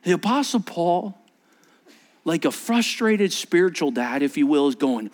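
Animated, high-voiced preaching pastor. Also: male voice, a little slow. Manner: animated preaching, voice rising sharply when quoting scripture. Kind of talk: sermon.

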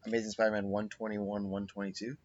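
A man's voice: fairly low pitch, completely flat delivery, fast talker, a little mellow, no echo, dull audio. A man co-hosting a podcast, chatting casually in a laid-back way and swearing freely. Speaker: podcast co-host. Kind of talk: casual chat.

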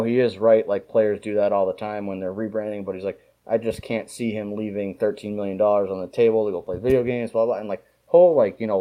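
A man telling stories in a casual podcast chat, swearing freely and talking rapidly. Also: on the low side, mellow, rough recording. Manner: rapid, profane storytelling. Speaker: podcast co-host.

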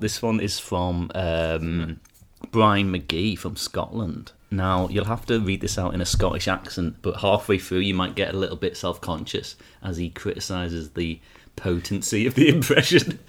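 Host: young man, very low voice, dry wit. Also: unhurried, fairly bright tone. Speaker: podcast host. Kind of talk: casual comedy podcast chat.

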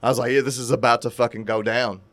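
A man telling a crude, animated story in casual profane podcast chat, laughing at his own tale. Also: medium pitch, fast, dry recording.

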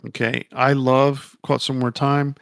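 A man's voice: medium pitch, little pitch movement, measured pace, gravelly, fairly bright tone, smooth, no echo, studio quality. A man co-hosting a casual podcast, rambling and opinionated, swearing casually as he talks. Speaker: podcast co-host.

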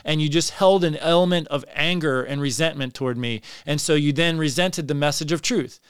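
A middle-aged man talks earnestly and passionately through a faith podcast monologue, often restarting his sentences. His voice sits a little high for a man and sounds smooth and resonant. It is recorded dry and close on a podcast mic. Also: a little fast, no room sound. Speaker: podcast host.

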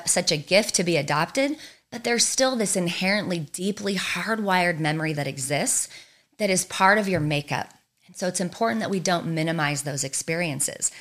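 Woman trauma therapist with a lower-pitched voice, delivering an earnest explanatory lesson in short repeated phrases. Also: fairly bright tone. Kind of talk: explanatory teaching talk.

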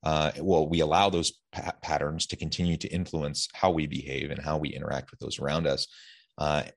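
A man hosting an interview podcast, posing a long reflective question with measured fillers. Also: a bass voice, flat delivery, gravelly. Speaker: podcast host.

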